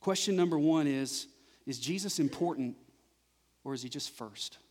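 A man's voice: a little high, moderate pace, a little mellow. A middle-aged man preaching a sermon as pastor, building emphasis through repeated phrases. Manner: preaching with rising, emphatic repetition. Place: church sanctuary. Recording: church recording with long reverb.

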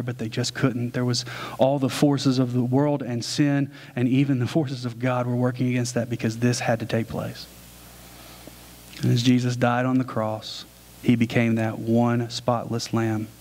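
A male pastor delivering a sermon with a mid-range voice. He tells the story in relaxed, everyday phrasing, like talking to friends, and then slows into plain, earnest teaching. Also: mid-range voice. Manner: casual conversational storytelling.

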